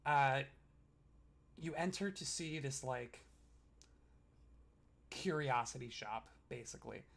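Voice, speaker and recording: A man's voice: medium pitch, animated, takes it slowly, gravelly, fairly bright tone. A man narrating a tabletop game as game master, rambling through descriptions with many fillers.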